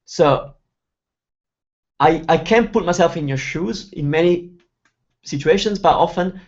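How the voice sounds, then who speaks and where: A man's voice: on the high side, unhurried, dull audio. A man from Italy, hosting a live online Q&A lesson and chatting as he explains phrases one by one. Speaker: Italian teacher hosting a webinar.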